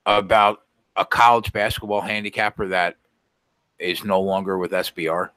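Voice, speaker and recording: Male co-host, very low voice, bright forceful edge, blunt, swears a lot. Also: level tone, moderate pace, no room sound. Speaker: podcast co-host. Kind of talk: casual sports betting chat.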